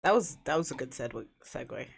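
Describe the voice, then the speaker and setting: A man's voice: medium pitch, expressive, fast, gravelly, breathy edge. A man co-hosting a podcast from another room, chiming in with teasing, laughing remarks in casual chat. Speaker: podcast co-host. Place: bedroom apart from host.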